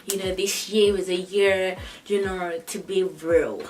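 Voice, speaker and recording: A young woman vlogger telling a story in a chatty, animated way, with many fillers. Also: lowish voice, unhurried, far from the mic, a little hiss or hum, rough recording. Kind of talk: casual story time vlog.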